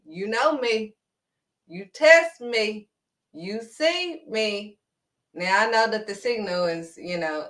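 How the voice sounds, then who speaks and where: A woman preaching in a livestream sermon, animated and calling listeners honey. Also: lowish voice.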